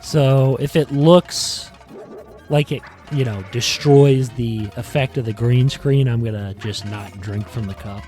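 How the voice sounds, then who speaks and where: Faint music plays behind this man's warm, medium-pitched voice as he speaks unhurriedly. Hosting a podcast before a green screen, he looks back casually in a rambling monologue packed with "like" and "you know."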